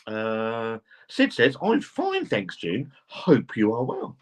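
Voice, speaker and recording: A man's voice: medium pitch, wildly swooping pitch, slow pace. A man hosting a live stream, reading out viewer comments and chatting casually, swearing now and then. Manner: chatty, swears casually, reads chat aloud. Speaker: livestream host.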